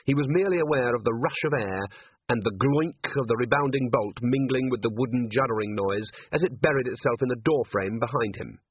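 A man narrating an audiobook in a lively, expressive manner. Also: mid-range voice, a little fast, husky, no room sound. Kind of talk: audiobook reading. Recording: tinny phone-like sound, dry.

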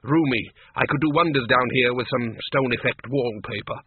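A man's voice: medium pitch, moderate pace, husky. A man voicing a fussy, apologetic middle-aged tradesman in a storybook reading, on a tinny lo-fi recording. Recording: tinny phone-like lo-fi.

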